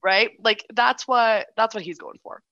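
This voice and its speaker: A woman co-hosting a casual political chat, animated and quick, full of restarts and "like". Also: on the high side, lo-fi sound. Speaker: political commentator, co-host.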